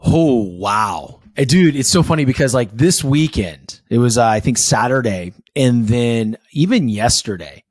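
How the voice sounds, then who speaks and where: A man's voice: medium pitch, lively intonation, unhurried, few pauses, dry recording, studio quality. A young man hosting a podcast, talking in a casual, confessional way and swearing often. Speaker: podcast host.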